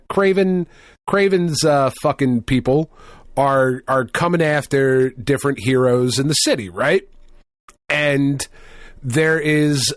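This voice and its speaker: A man's voice: medium pitch, dry recording, studio quality. A man co-hosting a podcast in casual chat, swearing freely and laughing often. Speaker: podcast co-host.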